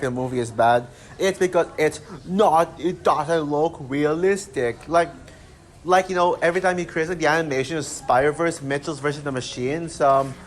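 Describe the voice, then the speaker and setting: A man with a somewhat high-pitched voice delivers an unscripted rant. He sounds exasperated and rambles, stumbling through fillers and false starts. Faint noise sits behind him. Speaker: channel host ranting about a critic.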